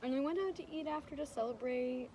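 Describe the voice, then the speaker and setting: A woman's voice: high-pitched, fast, crowd noise. A young woman vlogger telling a story in casual chat, acting out what people said. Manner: animated storytelling, acting out quotes. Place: vacation house near a beach. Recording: noisy background.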